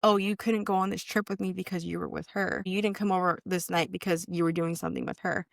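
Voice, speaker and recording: A woman's voice: lowish voice, steady tone, quick pace, creaky, no room sound, studio quality. A young woman on a podcast telling a personal story in casual chat, candid and cursing freely, acting out what people said. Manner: candid, heavy swearing, acts out quoted lines. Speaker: podcast guest.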